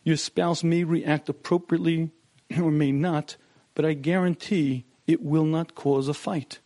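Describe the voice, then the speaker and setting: Man, middle-aged, marriage seminar lecture, slightly high voice, clears throat often, storytelling, dry close sound. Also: fairly even intonation, unhurried, dark tone, no echo. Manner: storytelling, acts out quotes. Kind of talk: lecture to couples.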